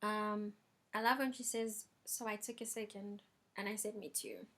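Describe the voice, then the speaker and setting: A young woman with a mid-range, fairly bright voice and fairly even intonation speaks at normal speed. She's recording a chatty music review vlog in her bedroom at home, using plenty of ums.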